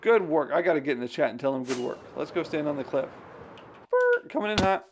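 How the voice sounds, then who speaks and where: A man with a mid-range voice talks at a quick pace over some background noise. He's a game streamer and digital missionary, chatting casually with himself and his viewers while he plays and reads scripture, dropping his thoughts on it along the way.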